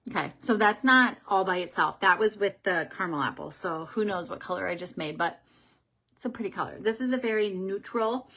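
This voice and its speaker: A woman with a mid-range voice hosts a casual beauty vlog, thinking aloud as she chats through makeup swatches. At times she drops into a soft whisper, and she stumbles over product names.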